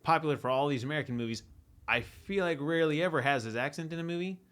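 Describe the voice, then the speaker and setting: A man's voice: a little high, fast, fairly bright tone, smooth. A young man co-hosting a podcast, chatting casually about a movie, rambling with lots of "like" and "you know". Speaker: podcast co-host. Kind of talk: casual movie review chat.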